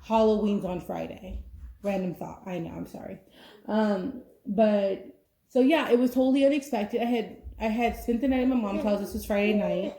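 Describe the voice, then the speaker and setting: Mellow-voiced young woman chatting casually. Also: mid-range voice, normal speed. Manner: rambling, full of "like" and "you know". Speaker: podcast host. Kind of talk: casual chat.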